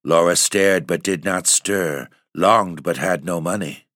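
A man's voice: sits low, a bit bright, no room sound, studio quality. A man hosting and reading a long poem aloud in an ominous, theatrical way. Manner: ominous, drawn-out theatrical delivery. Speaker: narrator and host.

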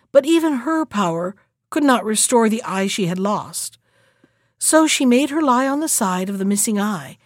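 A woman narrating a fairy tale in a steady, even storybook reading. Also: fairly high pitch, no room sound, clean studio sound.

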